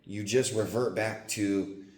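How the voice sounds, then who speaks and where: A man's voice: on the low side, fairly even intonation, slow, a little mellow. Profane, rambling young guy in an echoey gym. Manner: profane, says "dude" constantly, rambling. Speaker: fitness vlogger. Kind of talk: casual confessional talk.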